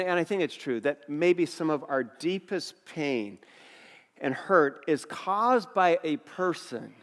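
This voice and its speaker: Middle-aged pastor, kinda high voice, preaching, big church hall echo. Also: male voice. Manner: storytelling, animated, acts out quotes. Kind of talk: sermon with personal stories. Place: church auditorium. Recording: long reverb of a church hall.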